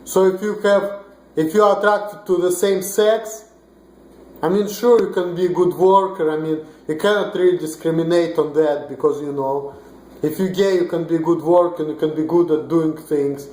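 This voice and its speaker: A young Russian-accented man delivers a rambling, blunt, profane vlog rant. His voice sits a touch high for a man, and the room around him rings with noticeable echo. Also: fairly even intonation, moderate pace, a little mellow. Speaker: vlogger. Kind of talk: ranting monologue to camera. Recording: roomy echo.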